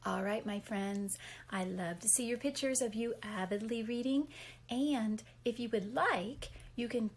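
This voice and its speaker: A young woman teacher reading a picture book aloud to young children, pausing to ask gentle questions. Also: a little high, a little hiss or hum. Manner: gentle, animated storybook reading with questions to kids.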